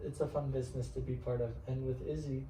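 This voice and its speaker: A man's voice: medium pitch, little pitch movement, fast talker, dark tone. A man with a Texan accent, an auctioneer and antiques specialist, chatting at length in an interview and rambling through asides and restarts. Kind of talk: casual interview chat. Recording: echoey room from far off with faint noise.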